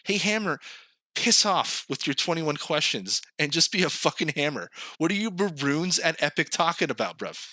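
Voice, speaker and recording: Fairly high and sing-song, this podcast co-host's voice moves at a moderate pace with hardly any pauses, bright and forceful on a dry recording. His casual comedic rant includes acted-out quotes and laughter breaking into his sentences.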